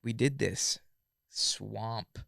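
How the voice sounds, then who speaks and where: Gravelly laid-back man from Southern California. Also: fairly low pitch, drawn-out words, bright, forceful tone, dry recording, clean studio sound. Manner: laid-back, full of "like" and "yeah, yeah, yeah". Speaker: podcast guest. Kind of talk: casual storytelling chat.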